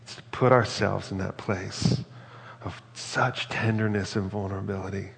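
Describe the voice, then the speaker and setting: A man's voice: lowish voice, steady tone, moderate pace, creaky, a bit bright, big-room sound. A man preaching a reflective, earnest sermon and reading scripture aloud. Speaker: pastor.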